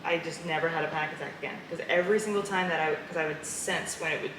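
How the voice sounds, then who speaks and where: Lively low-voiced woman telling her story. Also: quick pace. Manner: animated storyteller, laughs often. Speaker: guest. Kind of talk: casual interview conversation. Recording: echoey room with clear background noise.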